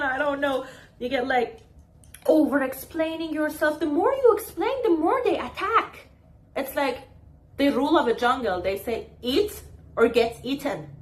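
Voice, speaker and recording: A woman with giving advice straight to camera in a casual, emphatic way, repeating her phrases and acting out her own comebacks. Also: high voice.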